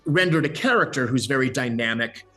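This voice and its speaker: Animated man chatting about voice acting. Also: mid-range voice, a little fast, faint music behind. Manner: animated, energetic, with many restarts. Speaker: voice actor. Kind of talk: interview chat.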